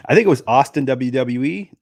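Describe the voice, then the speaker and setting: A man's voice: mid-range voice, animated, brisk. A man from Massachusetts co-hosting on a remote call, easygoing and laughing often. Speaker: co-host. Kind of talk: casual chat on a video call.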